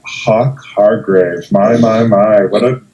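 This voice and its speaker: A man's voice: on the low side, steady tone, slow pace, warm tone, low-quality recording. A man voicing a blood-splattered adventurer who flirts in a dry, mock-suave way in a tabletop game.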